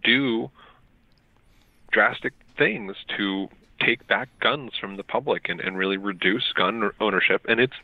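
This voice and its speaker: Low-voiced man on a tinny phone line. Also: dry recording. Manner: measured, filler-heavy explaining with many ums and restarts. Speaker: radio show guest. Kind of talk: explanatory talk-radio interview. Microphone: phone call.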